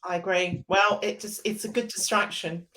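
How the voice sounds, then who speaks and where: A woman's voice: medium pitch, steady tone, sharp tone, low-quality recording. A British woman co-hosting a podcast, talking casually and often restarting her sentences. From United Kingdom. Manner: halting, many restarts and repetitions. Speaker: podcast co-host. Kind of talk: casual chat.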